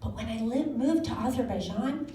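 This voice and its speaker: A woman in her forties giving a personal talk to an audience, telling stories in a lively way and laughing often. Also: a little high, normal speed. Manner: animated storytelling with laughs. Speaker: speaker. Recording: echoey room, mic from a distance.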